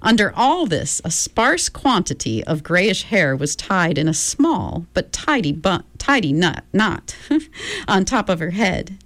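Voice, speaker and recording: A woman narrating an audiobook with expressive, steady storytelling. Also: fairly low pitch, slow pace, no room sound. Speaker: reader.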